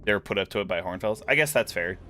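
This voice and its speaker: A man's voice: on the low side, animated, quick pace, pushed and bright, a little hiss or hum. A man giving casual, rambling gameplay commentary, musing aloud as he plays. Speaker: gaming streamer.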